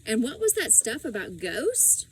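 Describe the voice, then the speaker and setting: A woman voicing a cautious young boy who talks low and hushed. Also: huge pitch swings, unhurried, recorded from a distance, slight background noise, heavily acted, poor audio. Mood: uneasy.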